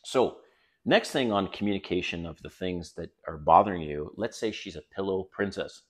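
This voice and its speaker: Blunt, deep-voiced middle-aged man. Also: normal speed. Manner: blunt, swearing, keeps addressing the viewers as guys. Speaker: dating advice host. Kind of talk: casual talk to camera.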